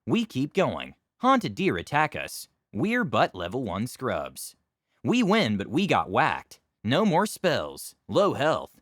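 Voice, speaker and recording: A man narrates a tabletop game story with a wry, deadpan touch. His pitch moves in wide, lively swings. The sound is dry and close. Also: takes it slowly, hardly any pauses, no echo.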